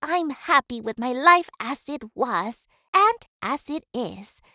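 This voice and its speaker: A humble, chatty housekeeper. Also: female voice, high voice, very animated, takes it slowly, sharp tone, no echo, heavily acted. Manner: reflective, talkative and humble. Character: humble, talkative housekeeper woman, devoted. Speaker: housekeeper of a manor. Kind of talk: game voice acting.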